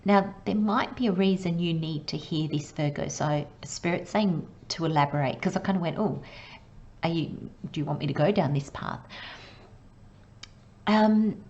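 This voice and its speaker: A woman giving a casual tarot reading, excitable and rambling, with frequent laughs and soft asides. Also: fairly low pitch, moderate pace, muffled recording. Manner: excitable, rambling, laughs often, sometimes drops to a whisper. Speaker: tarot reader.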